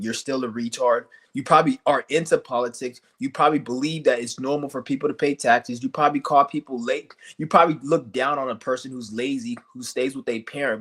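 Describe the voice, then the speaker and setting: A man's voice: mid-range voice, a bit bright. A man streaming an angry vlog rant, firing off heated, profane rhetorical questions and blunt insults. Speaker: streamer ranting to viewers.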